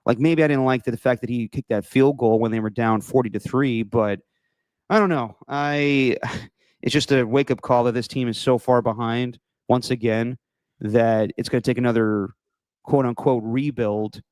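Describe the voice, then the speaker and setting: A man's voice: medium pitch, fairly even intonation, normal speed, a little mellow, dry recording. A man hosting a podcast and chatting casually about football, rambling with frequent restarts. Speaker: podcast host. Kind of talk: casual sports chat.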